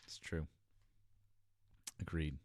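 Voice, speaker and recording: A man's voice: slow pace, a little mellow, dry recording. A man hosting a casual livestream chat, joking in a dry, easygoing way. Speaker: host.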